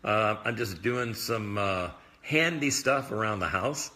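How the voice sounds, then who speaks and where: A man with a slightly low but bright, forward voice speaks off the cuff in a casual livestream. He rambles as a minister sharing thoughts, circling back with plenty of fillers and quick asides. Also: animated. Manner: rambling, loose, filler-heavy talk; admits talking fast. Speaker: prophetic minister. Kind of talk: casual live video chat.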